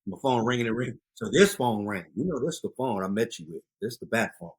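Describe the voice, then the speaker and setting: A man in his fifties, a youth outreach founder, telling street stories in a casual interview, bursting loud at times. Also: medium pitch, brisk, slightly rough. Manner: animated street storyteller, loud outbursts.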